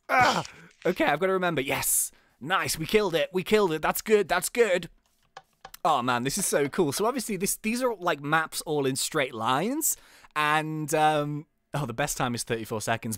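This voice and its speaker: A young man hosting a gaming channel, giving chatty, excitable play-by-play commentary and often laughing at the game. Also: fairly high pitch.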